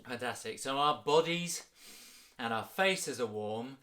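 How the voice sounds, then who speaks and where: A man leading a children's music workshop, energetic and encouraging, in an upbeat sing-song way. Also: medium pitch, a little slow, slight background noise.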